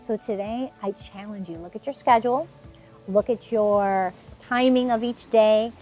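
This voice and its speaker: A woman hosting a daily devotional, talking in an earnest, conversational way and repeating words for emphasis. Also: medium pitch. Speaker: devotional host. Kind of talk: devotional talk.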